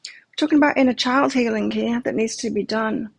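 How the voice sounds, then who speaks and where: A woman's voice: on the high side, fairly even intonation, moderate pace, gravelly, slightly rough, no room sound. A middle-aged woman giving a live tarot reading, talking candidly and reflectively and sharing personal stories. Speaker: tarot reader.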